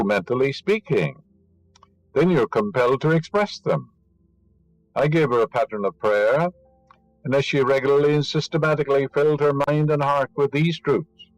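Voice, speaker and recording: A man's voice: mid-range voice, low-quality recording. A man delivering a spiritual lecture, emphatic and teaching, scornful of superstition and fond of rhetorical questions. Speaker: inspirational lecturer.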